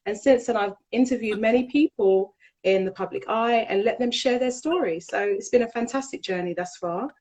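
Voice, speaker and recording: A woman's voice: on the high side, normal speed, darkish tone, low-quality recording. Woman hosting an interview talk show. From Jamaica. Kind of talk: casual interview chat.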